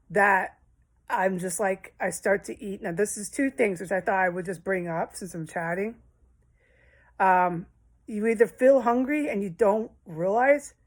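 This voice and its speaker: A woman vlogger speaking her mind in a long, rambling personal monologue. She talks directly to her viewers, emotional and blunt, swearing freely. Her voice sits at an ordinary middle pitch for a woman.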